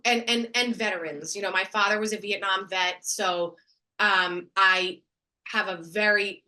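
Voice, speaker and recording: Bright, lively woman on a video call. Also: medium pitch. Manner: enthusiastic, expressive. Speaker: guest, actress and speaker. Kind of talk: casual interview.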